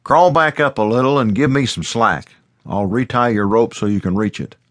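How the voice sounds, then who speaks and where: A man's voice: medium pitch, moderate pace, a bit bright, voice pushed up, close to an everyday voice. A man voicing a stern, strict rural father who scolds his son in plain country grammar. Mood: firm, stern.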